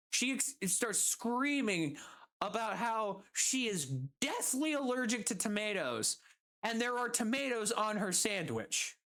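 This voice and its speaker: A woman's voice: a little high, animated, a little slow, a bit bright. A woman streamer telling a story casually while gaming, exasperated and swearing constantly.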